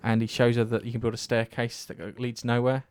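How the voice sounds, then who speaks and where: A man's voice: medium pitch, fairly quick, smooth, no echo. A man chatting casually about games, rambling and swearing freely as he tells stories. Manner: rambling, swears often, animated storytelling.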